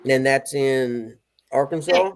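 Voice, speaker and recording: Standing in as host of a relaxed live stream, a middle-aged man chats and welcomes viewers by name. His voice is medium-pitched and creaky, and he takes things slowly.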